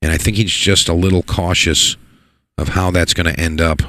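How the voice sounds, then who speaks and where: A man giving live play-by-play commentary on a pool match, excitable and repeating words for emphasis. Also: low-pitched, normal speed, dry recording, studio quality. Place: pool hall.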